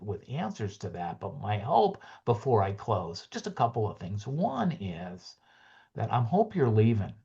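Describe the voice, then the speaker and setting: A man presenting a webinar, closing with an earnest, gentle story and dropping into soft hushed passages. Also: fairly low pitch, slightly rough, highs cut off. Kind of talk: heartfelt closing talk with a story.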